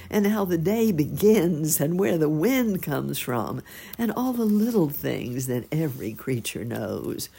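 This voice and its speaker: Woman reading a kids' bedtime story, low creaky voice, really slow and lilting. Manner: slow, gentle, expressive storytelling.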